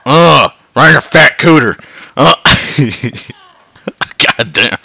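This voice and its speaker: A man swearing his way through a game, dropping to tired mutters and then yelling in excitement. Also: medium pitch, drawn-out words, gravelly, breathy edge, dry recording, clean studio sound. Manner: swearing, swinging between mutters and yelps. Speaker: gameplay commentator. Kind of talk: profane let's-play commentary.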